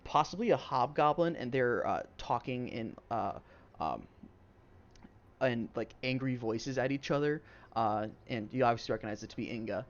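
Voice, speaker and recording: A man's voice: medium pitch, lively intonation, normal speed, dull audio. A man narrating as game master of a tabletop game, describing scenes in a loose, rambling way full of fillers.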